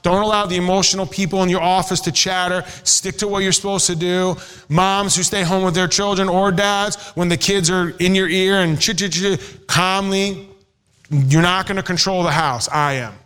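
Middle-aged pastor guy preaching casual, smooth high voice, big hall echo. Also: little pitch movement, normal speed, a bit bright. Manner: conversational preaching with quoted voices. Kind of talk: sermon. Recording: hall reverb.

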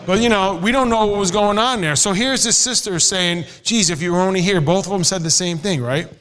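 A man's voice: high voice, brisk, fairly bright tone, clear, resonant tone. A middle-aged male pastor preaching a sermon in a conversational way, acting out quoted voices. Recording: hall reverb.

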